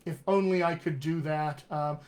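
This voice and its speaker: Upbeat American dialect coach, chatty. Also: male voice, fairly high pitch, steady tone, a little mellow. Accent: General American. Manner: chatty, upbeat, promotional, repeats web addresses slowly. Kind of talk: live-streamed coaching talk.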